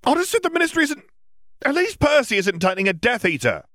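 A man's voice: mid-range voice, huge pitch swings, fairly quick, no echo, clean studio sound, pitched above the performer's own voice. A man voicing a hotheaded, argumentative teenage boy. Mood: defensive. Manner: heated, argumentative.

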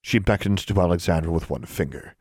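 Deep-voiced male audiobook narrator. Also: husky, no room sound, clean studio sound. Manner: steady, measured storytelling. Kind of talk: scripted narration.

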